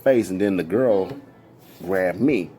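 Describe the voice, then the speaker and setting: A man casually telling a story from his past, animated and full of repeated "I'm like" asides. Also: sits low, takes it slowly.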